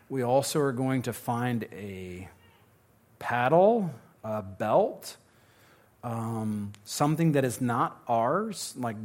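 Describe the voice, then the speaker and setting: Man answering audience questions at a talk. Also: medium pitch. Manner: conversational, joking, restarts often. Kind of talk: live Q&A talk.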